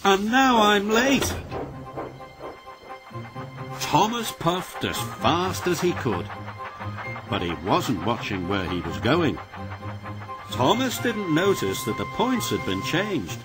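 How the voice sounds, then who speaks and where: Brief: male storybook narrator, slow and sing-song, music bed behind. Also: on the high side. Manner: sing-song, expressive reading.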